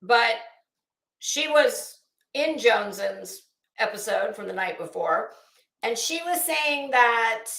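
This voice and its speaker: Ranting to her viewers with sass and exasperation, this YouTube commentator draws out words to make her point. Her voice is on the high side, a bit bright, with vocal fry, and the room sounds echoey.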